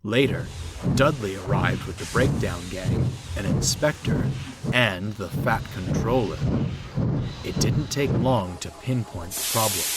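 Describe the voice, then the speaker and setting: A man narrating a train story in a measured, expressive reading voice. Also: lowish voice. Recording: music under the narration.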